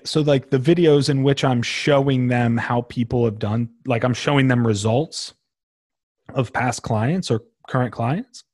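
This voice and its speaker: A young man hosting his own podcast, talking casually and emphatically with a slangy, animated delivery. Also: medium pitch, dry recording, clean studio sound. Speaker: podcast host. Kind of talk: casual solo podcast talk.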